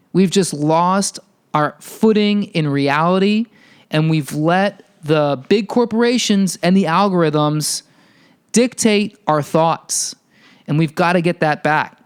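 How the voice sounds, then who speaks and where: A male podcast host delivering a heated, profane ranting monologue, telling a story with animated energy. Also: a little high, smooth.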